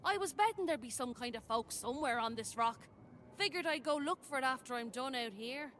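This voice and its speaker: A woman's voice: high voice, expressive, fairly quick, fairly bright tone, slight background noise. An actress voicing a brash, swaggering female pirate salvager in a video game, with an exaggerated stage-Irish lilt. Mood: confident. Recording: game audio under music.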